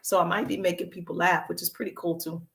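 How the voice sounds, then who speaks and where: A woman's voice: on the low side, flat delivery, fast talker, fairly bright tone, a little hiss or hum. A woman with a Southern US accent hosts a casual livestream as a social media business coach, upbeat and greeting viewers by name, with a cough drop in her mouth.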